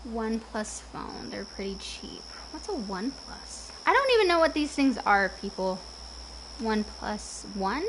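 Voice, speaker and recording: A young woman in her twenties chatting casually with her viewers while playing a game, rambling from topic to topic. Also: sits high. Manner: chatty, rambling, talks to chat. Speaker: game streamer. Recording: noisy stream audio.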